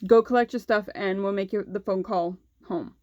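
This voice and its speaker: Young woman, vlogger, casual storyteller; candid, swears, lots of "like"; mid-pitched, dry close sound. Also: normal speed, a little mellow, dry recording, muffled recording. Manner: candid, swears freely, heavy use of "like".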